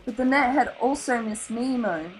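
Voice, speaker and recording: A woman with an Australian accent reading a children's novel aloud in an animated, expressive way. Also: fairly high pitch, moderate pace, faint music behind, low-quality recording. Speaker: storybook reader.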